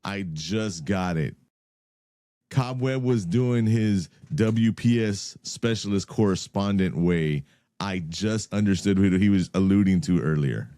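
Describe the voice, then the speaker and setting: Low, mellow-voiced joking man. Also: a little slow, no room sound. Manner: laid-back, joking, mimics people he quotes. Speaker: podcast co-host. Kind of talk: casual movie review chat.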